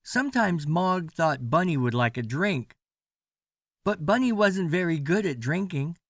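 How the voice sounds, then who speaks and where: A man reading a children's storybook aloud as a bedtime story, slow and sing-song with lots of expression. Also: fairly high pitch, animated, fairly bright tone, dry recording, clean studio sound.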